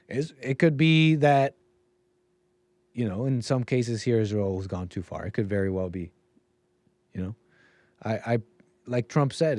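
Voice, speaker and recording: A man's voice: medium pitch, darkish tone, no room sound. A man hosting a livestream commentary show, rambling and musing aloud and often trailing off mid-thought. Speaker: show host.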